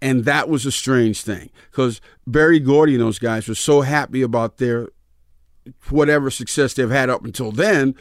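Appearing as an interview guest, a comedian tells stories casually and animatedly, acting out the voices of people he quotes. His medium-pitched voice moves at normal speed, recorded on a studio mic in a dry garage room with no echo and studio quality.

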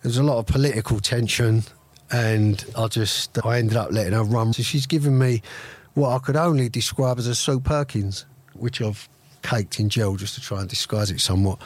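Husky man joking crudely. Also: medium pitch, normal speed. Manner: crude, joking, laughs often. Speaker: podcast co-host. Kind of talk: casual banter.

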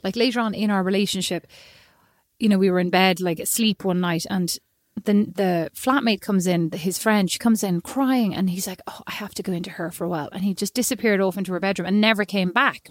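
An Irish woman telling a long, animated, self-mocking story in casual chat, often slipping into quoted voices. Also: mid-range voice, moderate pace, no room sound, clean studio sound. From Ireland.

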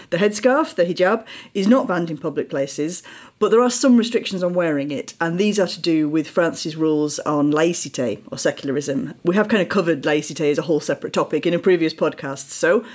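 A woman co-hosting a podcast, explaining things in a lively way with laughs. She is from England. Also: fairly low pitch. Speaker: podcast co-host. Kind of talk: podcast discussion.

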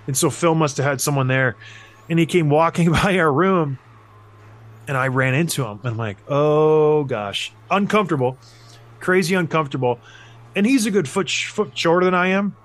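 A podcast host who once played hockey tells a story during a relaxed chat, sounding like a man in his thirties. His voice is slightly high, his pace moderate, and he gets animated, acting out the people he quotes as his pitch jumps up and down.

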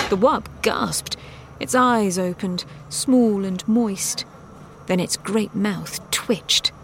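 A woman reads a science fiction story aloud. She takes her time, with unhurried, deliberate sentences. A faint background hiss sits under her voice. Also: mid-range voice, vocal fry. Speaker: narrator. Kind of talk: storybook narration.

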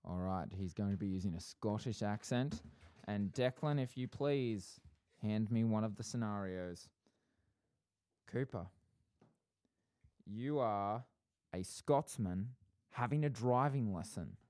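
A man's voice: fairly low pitch, takes it slowly, long pauses, a little mellow, dry recording, clean studio sound. A man hosting a podcast, explaining an improv game and ribbing his co-host in a mock-stern way. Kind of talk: casual chat, running an improv game.

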